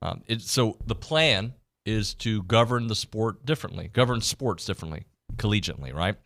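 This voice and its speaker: A man's voice: lowish voice, lively intonation, moderate pace, vocal fry, fairly bright tone. A man hosting a sports radio show in a studio, chatting casually and self-deprecatingly with plenty of restarts. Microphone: studio microphone.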